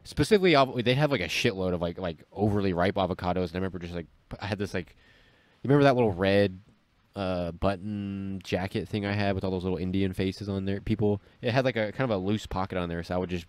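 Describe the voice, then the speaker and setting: A man's voice: deep voice, quick pace, dry recording. A young man with a stuffy nose, co-hosting a podcast and telling rambling stories full of restarts and acted-out quotes. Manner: rambling storyteller, many restarts and quoted voices. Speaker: podcast co-host. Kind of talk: casual chat.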